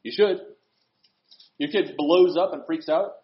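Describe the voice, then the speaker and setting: A man preaching a sermon, swinging from loud, emphatic lines to hushed, earnest asides. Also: fairly high pitch, a little slow, lo-fi sound.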